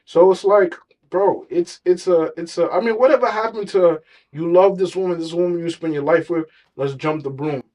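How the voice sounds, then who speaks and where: A man's voice: high-pitched, moderate pace, a little mellow, poor audio. Slangy, argumentative podcast co-host man. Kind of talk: casual chat.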